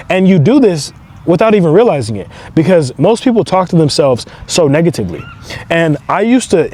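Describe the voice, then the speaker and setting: A man giving a motivational talk to camera outdoors in town. His voice sits a touch high, and he hammers home his points with repeated affirmations in an emphatic way. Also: warm tone. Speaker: entrepreneur and motivational speaker.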